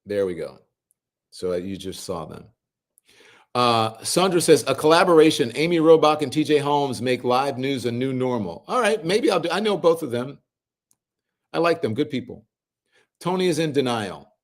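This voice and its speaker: A man's voice: medium pitch, expressive, moderate pace. Man hosting a casual livestream. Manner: conversational, reads viewer comments aloud and answers them. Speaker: host reading live chat comments.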